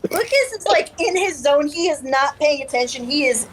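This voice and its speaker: A woman's voice: high-pitched, expressive, moderate pace. A young woman playing a tabletop game, eagerly describing her character's actions. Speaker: player. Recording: clear background noise.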